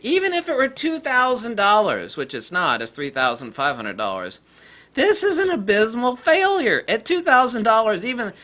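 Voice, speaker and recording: A man's voice: high voice, pushed and bright. A man hosting his own channel, ranting sarcastically and indignantly about a camera, often breaking into laughter. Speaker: camera reviewer, channel host. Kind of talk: ranting vlog commentary.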